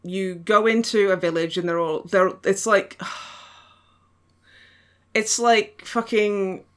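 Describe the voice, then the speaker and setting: Podcast host, woman, bright and crisp voice, sardonic and giggly, swears freely. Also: medium pitch, slow. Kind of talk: casual chat.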